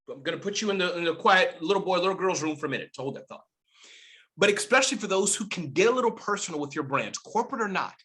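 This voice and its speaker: Bright, animated man on a video call. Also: high voice. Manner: animated, exclamatory, jumps between loud and soft. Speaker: guest speaker. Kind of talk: energetic webinar talk.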